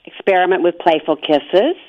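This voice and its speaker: A woman's voice: fairly low pitch, animated, moderate pace. A woman hosting a radio talk show who works as a therapist, affirming her guest with frequent agreeing murmurs. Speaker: radio host and sex therapist. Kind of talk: radio interview. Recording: slightly dull lo-fi radio audio.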